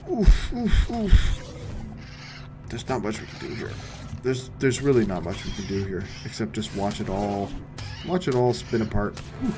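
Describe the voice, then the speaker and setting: A man commentating his own game play with wry remarks, dropping to mutters and then shouting. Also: fairly low pitch. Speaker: streamer.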